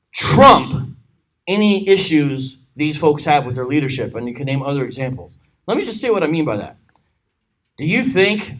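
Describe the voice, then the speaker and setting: A man teaching a church Bible study, reading scripture aloud with joking asides. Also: fairly high pitch. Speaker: pastor.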